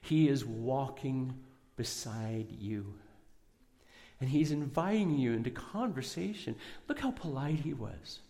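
A man pastor giving an Easter sermon in a church, earnest and prayerful, pushing up for emphasis and then going soft. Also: medium pitch, animated, takes it slowly, in a large hall.

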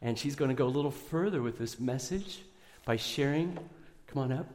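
A man pastor giving an Easter sermon in a church, earnest and prayerful, pushing up for emphasis and then going soft. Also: mid-range voice, normal speed, big-room sound.

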